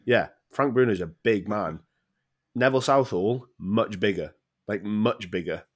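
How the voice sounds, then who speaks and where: Young male co-host, relaxed anecdotal chat, slightly low voice. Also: a little slow, breathy edge. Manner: chatty, laughs easily. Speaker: podcast co-host. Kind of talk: casual chat.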